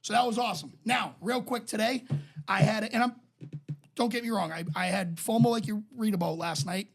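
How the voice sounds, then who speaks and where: Raspy man telling stories. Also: high voice, brisk. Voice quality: raspy, smoker-sounding voice. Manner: profane, rambling anecdotes with many restarts. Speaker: podcast co-host. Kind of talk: casual storytelling chat.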